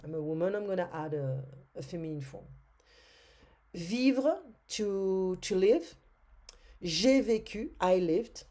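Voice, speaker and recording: A French woman with a French accent teaching a grammar lesson, slow and patient, with many "euh" fillers and repeated words. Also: mid-range voice, lively intonation, dark tone.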